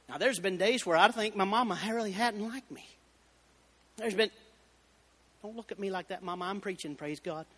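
Preacher guy, really high bright voice, fired up and shouting, big echoey church. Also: moderate pace, long pauses, slightly rough. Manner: fervent, builds to shouting exclamations. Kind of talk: Southern Baptist sermon. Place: church sanctuary. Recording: reverberant church hall.

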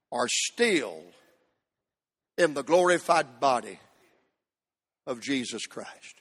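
A man preaching a sermon, rising to shouts and dropping to near whispers. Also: very high voice. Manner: Southern preaching cadence, swinging from shouts to hushed tones. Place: church sanctuary. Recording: long hall reverb.

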